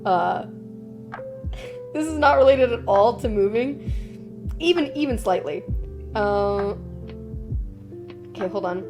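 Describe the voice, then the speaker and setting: A young woman streamer chatting casually and telling stories, swearing freely and animated. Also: mid-range voice. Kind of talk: casual live-stream chat.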